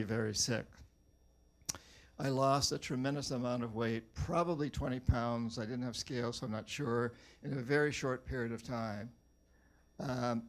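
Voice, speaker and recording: Older man telling wry stories. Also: mid-range voice. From New Hampshire, USA. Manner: anecdotal, wry, with frequent stumbles and repeats. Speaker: author giving a talk. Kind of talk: storytelling talk to a live audience.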